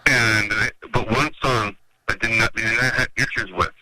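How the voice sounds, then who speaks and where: On noisy radio interview audio, a man from Minnesota who organizes a metal festival talks at normal speed in a steady, sharp-toned voice. He spins long, rambling stories in a casual chat, imitating people's quotes in a higher voice.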